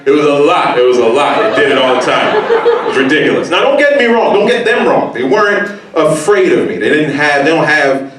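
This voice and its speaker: A man doing a stand-up set in a comedy club, talking casually and acting out people in sudden high squeals. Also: big pitch swings, fairly quick, a bit bright, a little hiss or hum. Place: comedy club stage before a laughing crowd. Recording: roomy live club sound from a distance.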